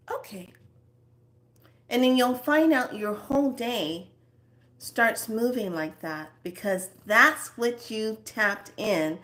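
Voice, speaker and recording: A spiritual self-help speaker with a mid-range female voice delivers a motivational talk to her viewers. She shifts between gentle whispered lines and animated, acted-out asides.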